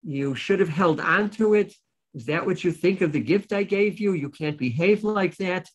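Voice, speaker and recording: A man putting on a shoe store owner who is angry at a small child, his voice pitched up high as he scolds. He sounds indignant and sharp, his voice climbing with every reproach. This is a quick acted part inside a spoken lesson. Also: husky, rough recording. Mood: scolding.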